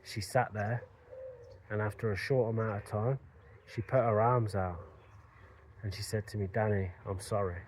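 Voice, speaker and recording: Man with a fairly low voice recounting a personal story, earnest and reflective. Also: steady tone, normal speed, long pauses, slight background noise. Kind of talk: personal story told to camera.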